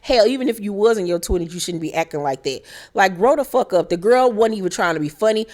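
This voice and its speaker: Sassy, profane woman recapping a show. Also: fast. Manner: animated, profane, sassy, shouting high mock rants. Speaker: reality TV recap host. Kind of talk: casual recap commentary.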